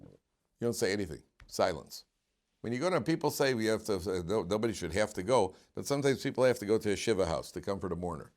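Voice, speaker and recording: A man's voice: lowish voice, lively intonation, fast talker, darkish tone. A man, a rabbi giving an informal Torah class, talking animatedly many restarts and questions to his students.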